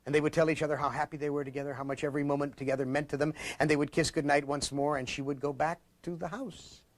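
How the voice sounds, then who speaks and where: A man in his late fifties from Ohio, reading his own story aloud and then giving sardonic commentary in a dramatic, expressive way. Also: a little high, fast talker, no room sound. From Ohio, USA. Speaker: host and author.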